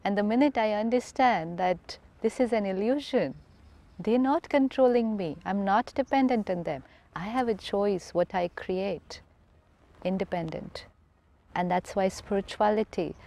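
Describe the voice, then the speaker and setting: A woman's voice: medium pitch, gravelly, mellow. A woman in a spiritual talk show conversation, explaining patiently and repeating key phrases for emphasis. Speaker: spiritual teacher.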